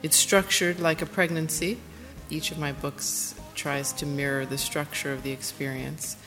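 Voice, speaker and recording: A woman's voice: sits low, little pitch movement, normal speed, fairly bright tone, faint music behind. A woman author who explains her book, then reads an intimate first-person passage from it aloud, with some hesitant asides. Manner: intimate, plain-spoken reading with hesitant asides. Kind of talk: reading aloud from a memoir. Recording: roomy hall with faint background noise.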